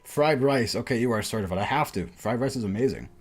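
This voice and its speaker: A man's voice: medium pitch, animated, quick pace. Rambling, hesitant male streamer. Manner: rambling, distracted, hesitant with many ums. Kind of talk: casual game-reading livestream chat.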